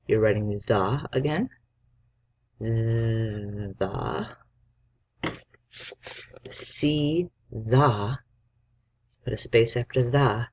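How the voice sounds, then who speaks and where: A man's voice: medium pitch, husky. A male teacher giving a spelling lesson to young children, dictating words and patiently sounding out each letter.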